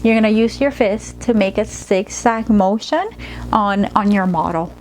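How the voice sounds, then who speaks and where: A woman play therapist demonstrating a storytelling technique, switching between slow, gentle storytelling and practical instructions. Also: mid-range voice, faint music behind.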